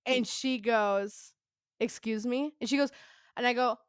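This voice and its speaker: A woman telling a story as a podcast guest, rambling and profane, peppering her talk with laughs and quick "right?" asides. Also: on the high side, steady tone, clear, resonant tone, dry recording, clean studio sound. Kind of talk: casual storytelling.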